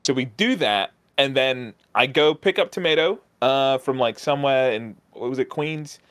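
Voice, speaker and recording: A man's voice: mid-range voice, moderate pace, smooth, dry recording. A man casually telling a long story on a stream, animatedly acting out the people he met. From outside the United States. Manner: animated, acts out other people's voices in anecdotes. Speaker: guest.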